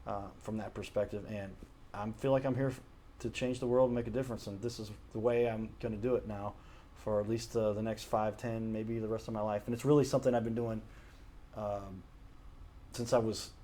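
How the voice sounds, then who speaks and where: A man's voice: fairly low pitch, steady tone, normal speed, darkish tone. A man hosting his own show, talking casually and earnestly to his camera in a home studio, often stopping to correct himself. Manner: rambling, earnest, self-correcting. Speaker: show host. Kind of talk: casual solo talk to camera. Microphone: camera mic, self-recorded.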